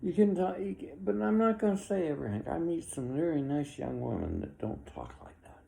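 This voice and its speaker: A man's voice: a little high, expressive, fairly quick, gravelly, dark tone. A man in his sixties giving an opinionated, rambling monologue, with chuckles between his complaints. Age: 60s.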